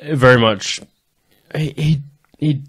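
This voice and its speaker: A man's voice: fairly high pitch, slow, fairly bright tone, slightly rough, dry recording. A young man hosting a comedy podcast, telling school stories in a loose, casual way with plenty of swearing. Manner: swearing, loose, laid-back storytelling. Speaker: podcast host. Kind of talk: casual chat.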